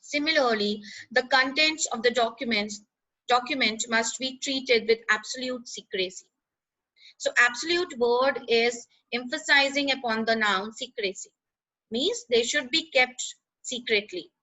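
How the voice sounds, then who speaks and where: A woman explaining grammar in a lesson, pausing with "uh" and checking in with "right?". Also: fairly high pitch, sharp tone, muffled recording. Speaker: teacher.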